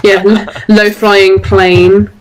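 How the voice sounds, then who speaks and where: A woman running a tabletop game as game master over an online voice call, relaxed and quick to laugh. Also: medium pitch, background noise. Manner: relaxed, laughs easily, many fillers.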